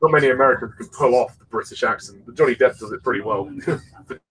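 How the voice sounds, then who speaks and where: A man's voice: mid-range voice, fast, fairly bright tone, poor audio. A man giving easygoing film commentary, often hesitating and using fillers.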